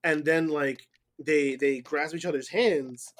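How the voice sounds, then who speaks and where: A man with a fairly high voice talks through a wrestling match with lively, blow-by-blow storytelling. He keeps the casual feel of a podcast chat with a friend. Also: takes it slowly.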